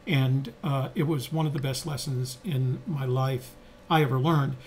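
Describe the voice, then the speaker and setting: A little slow and steady in tone, an older man with a medium-pitched, darkish voice co-hosts a podcast, sharing reflective stories conversationally. He frequently uses fillers and restarts, and there's a little hiss or hum.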